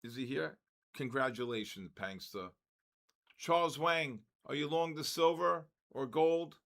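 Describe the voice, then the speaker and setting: Older male stream host, gravelly and slow-paced, excitable, voice worn out. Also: fairly high pitch. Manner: excitable, calls out chat names. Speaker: trading livestream host. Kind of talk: live trading stream chat.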